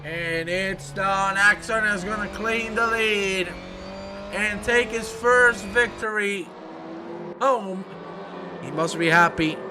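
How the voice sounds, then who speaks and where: A man giving excitable, emotional commentary on a sim racing stream, breaking into exclamations. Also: high voice, slow, over music. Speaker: race commentator. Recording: noisy with engine sounds behind. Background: racing car engines.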